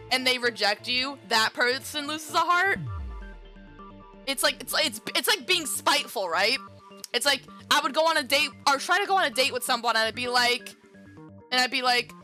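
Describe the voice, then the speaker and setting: A woman's voice: a little high, pushed and bright. A woman streamer giving casual gaming commentary in brash, profane, playfully spiteful rants.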